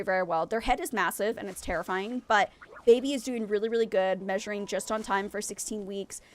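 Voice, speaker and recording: A young adult woman streaming a game and chatting candidly with her viewers, venting emotionally and often restarting her sentences. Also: medium pitch. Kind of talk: casual chat with viewers while gaming.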